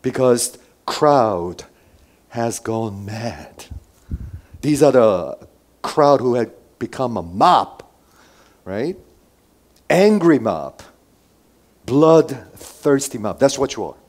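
A man's voice: medium pitch, very animated, very slow, pauses often. Man preaching with big swings in volume. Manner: dramatic swings between loud emphasis and quiet asides; asks the listeners many rhetorical questions. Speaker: pastor. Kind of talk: sermon.

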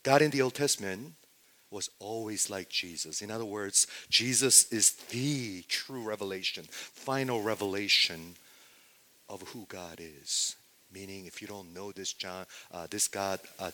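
A male preacher delivering a sermon with passion, swinging from loud exclamations to hushed, near-whispered lines. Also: low-pitched, a little slow.

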